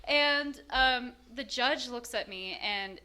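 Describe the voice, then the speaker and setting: A woman's voice: a little high, takes it slowly, bright, forceful tone, clean tone. A woman telling her own story in a frank, self-mocking way, with lots of fillers. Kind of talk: candid personal storytelling.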